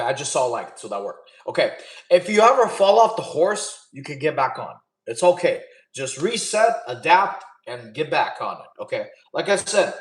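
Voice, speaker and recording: Lively echoey man coaching a live chat. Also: fairly high pitch. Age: 30s. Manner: casual, coaching, reads chat questions aloud. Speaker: fitness streamer. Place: camp fire stream setting.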